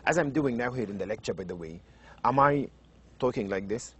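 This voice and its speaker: A middle-aged man with an Arabic accent, lecturing in English on children's literature, animated and fond of rhetorical questions, raising and lowering his voice for emphasis. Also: brisk, a little hiss or hum. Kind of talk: university lecture.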